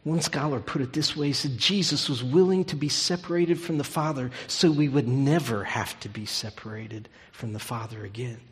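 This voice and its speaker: A pastor preaching a sermon, his delivery swinging from loud emphatic peaks down to hushed, near-whispered lines. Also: medium pitch, moderate pace, hardly any pauses, long reverb tail.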